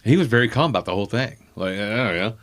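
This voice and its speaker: Middle aged guy, kinda low voice, telling long self-deprecating stories, doing little voices for the people in them. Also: lively intonation, fast, a bit bright. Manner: rambling, self-deprecating anecdotes, acting out quotes. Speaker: comedian guest. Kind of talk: casual storytelling chat.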